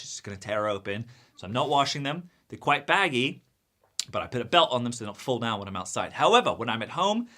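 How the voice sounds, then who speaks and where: A young man giving a mock lecture of absurd interview advice, deadpan, swinging from hushed asides to loud emphatic points. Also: medium pitch. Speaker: comic lecturer. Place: green screen studio.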